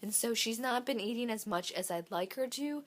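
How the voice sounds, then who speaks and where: A woman's voice: fairly high pitch, normal speed. A young woman, a mother, giving a casual vlog update while sick and losing her voice, chatty and full of ums. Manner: chatty, lots of ums and likes. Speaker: parenting vlogger. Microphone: handheld camera, shaky.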